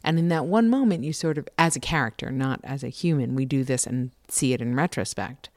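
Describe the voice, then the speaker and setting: Woman, low voice, animated casual chat, dry close sound. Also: brisk, no room sound. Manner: animated, thinks aloud with restarts. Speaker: podcast co-host.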